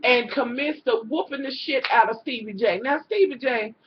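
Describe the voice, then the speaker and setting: On the high side and at a normal speed, a woman's voice rants through a reality show recap, swearing nonstop and talking right to her viewers as "y'all" in an animated, exasperated way. It's a dull lo-fi home recording with slight background noise.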